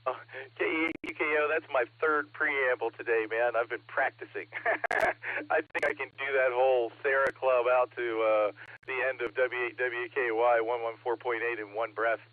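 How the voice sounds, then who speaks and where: A man's voice: medium pitch, steady tone, moderate pace. Chatty man on a ham radio net. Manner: chatty, laughs often, reads call signs. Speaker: net control operator. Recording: radio transmission, narrow band.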